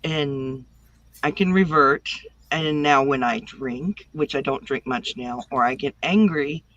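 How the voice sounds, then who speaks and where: A woman from the American South with a smooth voice, telling her story as an interview guest over a video call. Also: very deep voice, slow, a bit bright, dull audio. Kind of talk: casual conversation.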